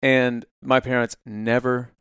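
A man in his thirties co-hosting a podcast, in casual chat, relaxed and jokey, with short reactions. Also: medium pitch, slow pace, clean tone, no room sound, studio quality. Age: 30s. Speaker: podcast co-host.

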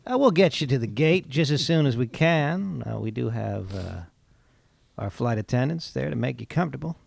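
A man putting on a calm airline pilot voice for an intercom announcement, speaking low and soft and hesitating on "uh". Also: normal speed, vocal fry. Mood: mock calm.

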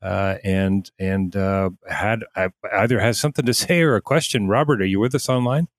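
A man's voice: fairly low pitch, normal speed, no room sound, clean studio sound. A man hosting a radio call-in show and introducing callers in an easygoing way. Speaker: radio host.

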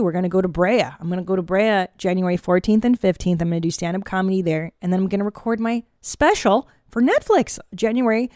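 A woman's voice: medium pitch, darkish tone, no echo, clean studio sound. Frank, rambling woman podcast host. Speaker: podcast host and stand-up comedian. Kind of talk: casual podcast chat. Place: studio booth.

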